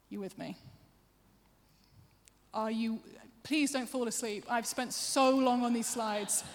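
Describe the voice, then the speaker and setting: Woman, preacher, sermon, higher voice, chatty, self-deprecating asides, long hall reverb.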